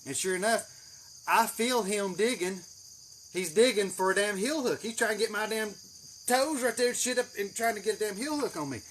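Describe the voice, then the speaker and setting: A man telling a story in a casual, animated way, swearing heavily as he goes. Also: high-pitched, moderate pace, slight background noise. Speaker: channel host. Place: greenhouse.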